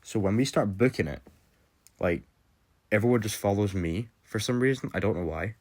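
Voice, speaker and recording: A young man with a slightly low voice tells a story to camera. His talk is loose and rambling, padded with fillers and casual swearing. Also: normal speed. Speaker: vlogger. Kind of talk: storytime vlog.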